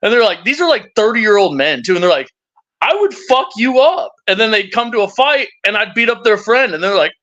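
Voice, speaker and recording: Speaking fast with hardly any pauses, a young man with a high voice guests on a live stream, telling rowdy, profane stories in an animated, casual way. The audio comes through his stream mic sounding dull and lo-fi.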